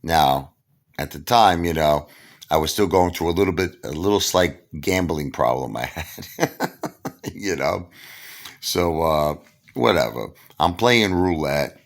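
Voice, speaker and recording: Gravelly, deep New storyteller. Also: male voice, a little slow, pauses often. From Brooklyn, New York. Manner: animated, acts out the dialogue himself. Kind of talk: casual anecdote told to camera.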